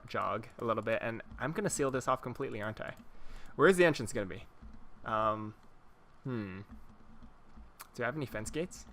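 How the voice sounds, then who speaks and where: This Minecraft let's-play host is a young man in his twenties with a bright, mid-range voice. He rambles and chuckles through casual gaming commentary, addressing his viewers directly.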